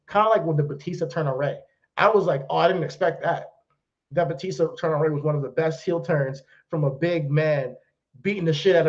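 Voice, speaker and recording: A man co-hosting a wrestling podcast in relaxed casual chat, laughing easily and using many fillers. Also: on the high side. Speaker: podcast co-host. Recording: dull lo-fi sound.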